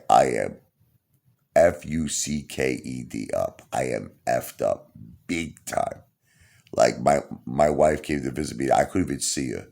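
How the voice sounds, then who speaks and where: A man telling a funny personal story in a rambling, animated way, repeating himself and laughing along. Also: rumbling low, gravelly. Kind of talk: casual comedic storytelling.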